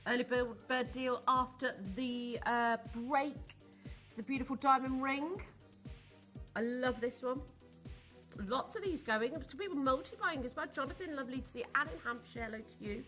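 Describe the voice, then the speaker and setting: A woman's voice: high voice, normal speed, sharp tone, soft background music. A woman presenting live on a shopping channel in a studio, gushing and enthusiastic as she greets viewers by name.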